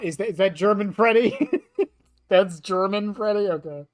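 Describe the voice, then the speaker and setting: Casual live streamer, jokey and laughing, voice a bit cracked, soft game music underneath. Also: mid-range voice, normal speed, dry recording, clean studio sound. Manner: laughs often, joking with chat. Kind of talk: live-stream gaming commentary.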